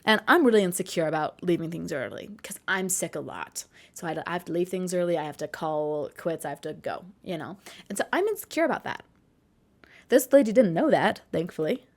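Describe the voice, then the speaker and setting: Young woman, twenties, casual storytime vlog, rambling with asides, slightly low voice. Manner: chatty, rambling, with asides and self-corrections. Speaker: vlogger.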